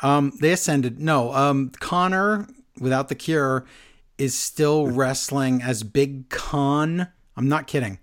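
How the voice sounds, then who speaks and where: A man's voice: mid-range voice, takes it slowly. A man co-hosting a casual wrestling podcast, chatting and reading listener emails aloud. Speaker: podcast co-host. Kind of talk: casual chat.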